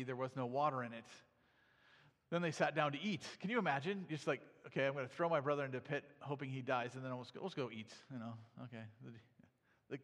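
A man's voice: on the high side, fairly bright tone. A man preaching a sermon, reading scripture aloud and then explaining it in a conversational way, often asking "right?". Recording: long hall reverb.

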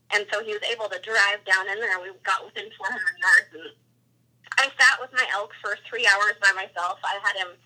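Bright, animated woman telling a story. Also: on the high side, poor audio. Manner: animated, acts out quoted dialogue. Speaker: guest hunter telling a story. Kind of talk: casual storytelling interview.

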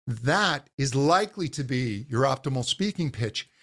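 A man's voice: medium pitch, expressive, moderate pace, fairly bright tone. A man, a voice coach guest on a podcast, patiently explaining how the voice works and demonstrating exercises.

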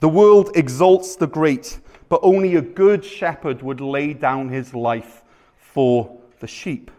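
Taking his time, a pastor with a somewhat high-pitched voice delivers a sermon to a live congregation. His style is chatty and self-mocking, with stories broken up by lively asides.

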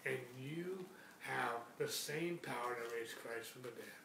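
A man in a middle-pitched voice preaches with emphasis, driving home his points by repeating them. He is recorded from a distance in an echoey room with a faint hum behind him. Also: unhurried, creaky. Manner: emphatic, repeats key phrases. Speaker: Bible teacher.

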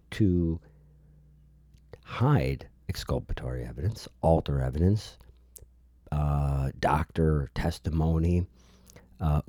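Low, husky-voiced man, sarcastic and emphatic. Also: mellow, no echo, clean studio sound. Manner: sarcastic, emphatic, rambling with frequent restarts. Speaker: political commentator. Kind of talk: solo political commentary monologue.

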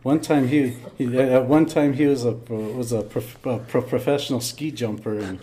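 A man's voice: medium pitch, fairly even intonation, normal speed, dark tone. Rambling man telling bar stories. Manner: rambling, repeats and restarts words, laughs through lines. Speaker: podcast guest. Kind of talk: casual storytelling.

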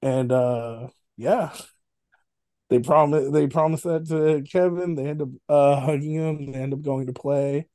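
A man's voice: a little high, steady tone, a little slow, mellow, dry recording. A man co-hosting a podcast, casually and animatedly retelling a film's scenes, laughing and swearing now and then. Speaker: podcast co-host. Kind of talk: casual film review chat.

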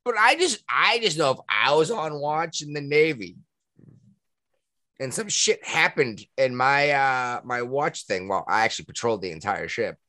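A man with a Massachusetts accent co-hosting a podcast in casual chat, talking in an animated way that jumps high when he gets worked up. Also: moderate pace, dry recording, clean studio sound. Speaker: podcast co-host.

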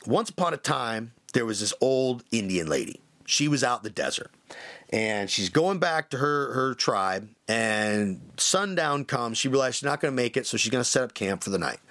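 A man hosting a podcast, telling a story casually with many fillers and lively shifts in tone. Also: medium pitch, normal speed. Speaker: podcast host.

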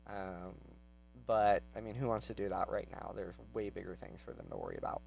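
Casual male storyteller, gravelly, lots of ums, gets worked up and speeds up. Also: on the low side, fairly even intonation, darkish tone, faint music behind, rough recording. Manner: rambling, lots of fillers, grows heated and fast when retelling his anger. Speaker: vlogger telling a personal story.

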